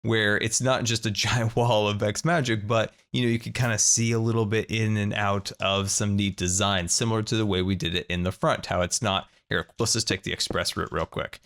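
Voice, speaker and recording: A man in his thirties hosting a video game let's play, talking through his building and his pranks in a playful, animated way. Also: fairly low pitch, moderate pace, hardly any pauses. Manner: animated, playful, narrates his own moves. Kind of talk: gameplay commentary.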